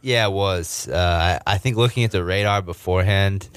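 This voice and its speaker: A man's voice: deep voice, normal speed, smooth, no room sound. A young man from Texas hosting a podcast, chatting casually with lots of fillers and restarts. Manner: laid-back, frequent fillers and restarts. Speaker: podcast host. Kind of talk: casual chat.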